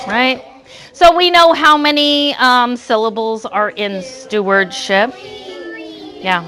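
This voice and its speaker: A woman teaching a classroom lesson, talking slowly and patiently with encouraging praise. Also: fairly high pitch, bright, forceful tone, faint music behind. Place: school classroom.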